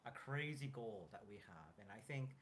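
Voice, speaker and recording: A man in his thirties in casual chat as co-host, earnest and halting, with many restarts and fillers. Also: medium pitch, expressive, fairly bright tone, slight background noise.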